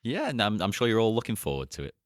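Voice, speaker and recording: A man co-hosts a casual podcast, throwing in jokey asides and laughing often. His pitch swings widely as he talks, and the close mic sounds dry. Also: very animated, fast talker, no echo. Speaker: podcast co-host. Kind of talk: casual chat.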